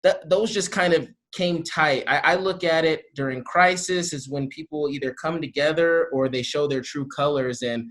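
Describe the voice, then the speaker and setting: A man with a fairly high voice talks on a video call, full of energy and rambling. He restarts his sentences and piles on fillers. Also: normal speed, hardly any pauses, a bit bright. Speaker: panelist from a small-business support group. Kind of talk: video call panel discussion.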